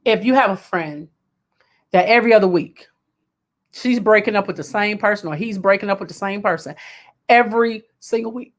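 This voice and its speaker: A woman's voice: mid-range voice, normal speed. A woman hosting a live self-help talk, speaking emphatically and repeating key points for emphasis. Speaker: host.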